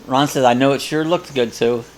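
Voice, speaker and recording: A man's voice: mid-range voice, steady tone, moderate pace, slight background noise. An older man hosting a live coffee chat, casually reading viewer comments aloud and rambling between them.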